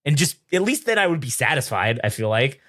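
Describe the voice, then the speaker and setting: Animated, profane young man podcaster. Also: mid-range voice, a little fast, dry recording, studio quality. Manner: profane, animated storytelling with mocking voices. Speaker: podcast co-host. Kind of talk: casual chat.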